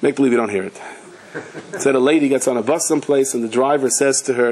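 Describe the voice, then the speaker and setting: A man giving a Torah class as a rabbi, telling parables with animated delivery and acting out the people in his stories. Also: mid-range voice, quick pace, poor audio. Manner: animated storyteller, slips into character voices and Hebrew and Yiddish terms.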